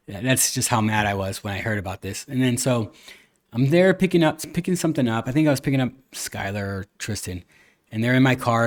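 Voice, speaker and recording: A man hosting a podcast, chatting casually and retelling a family story, with lots of restarts, quoted dialogue and the odd cuss word. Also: mid-range voice. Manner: animated storyteller, many restarts, retells dialogue, occasional cussing. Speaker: podcast host. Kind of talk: casual chat.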